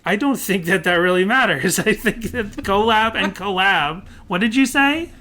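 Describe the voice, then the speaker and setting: A young man co-hosting a podcast in casual chat, rambling at length, talking loudly and laughing often. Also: sits high, expressive, moderate pace. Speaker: podcast co-host.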